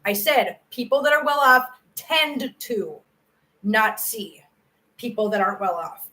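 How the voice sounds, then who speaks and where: A woman's voice: on the high side, lively intonation, measured pace, bright, forceful tone, rough recording. A middle-aged woman hosting a casual livestream and chatting with viewers in an earnest, effusive way. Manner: earnest and effusive, emotional when praising viewers. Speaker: cat channel livestream host. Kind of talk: casual livestream chat reading viewer comments.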